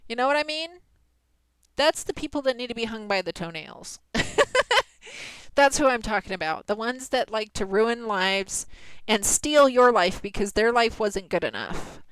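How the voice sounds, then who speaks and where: A woman's voice: a little high, clear, resonant tone, dry recording, low-quality recording. A woman streaming a game live, chatting casually and venting about scammers between laughs. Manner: chatty, exasperated ranting with frequent laughs.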